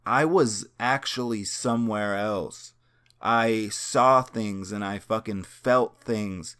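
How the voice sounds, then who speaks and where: A man's voice: fairly low pitch, takes it slowly, fairly bright tone, clean tone. A young man telling a personal story in a casual, rambling way, full of fillers and swearing, searching earnestly for words. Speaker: vlogger.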